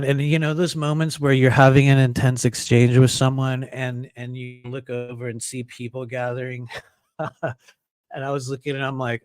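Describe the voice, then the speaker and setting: An animated man telling a story in a casual, rambling monologue, stopping and restarting often and acting out other people's lines. His voice sits at an ordinary middle pitch. The sound is dry and close, with almost no room echo. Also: normal speed. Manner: animated, acts out quoted voices, laughs often; frequent fillers and restarts. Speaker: podcast host.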